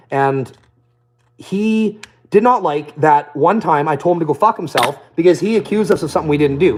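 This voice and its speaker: A man's voice: fairly high pitch, a little mellow, a little hiss or hum. A young man telling profane, boastful stories in a casual rant.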